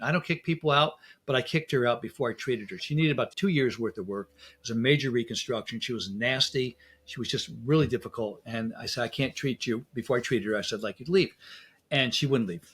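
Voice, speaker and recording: A man, a dentist guest in a casual interview, telling lively anecdotes and acting out dialogue. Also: mid-range voice, fairly quick, slightly rough.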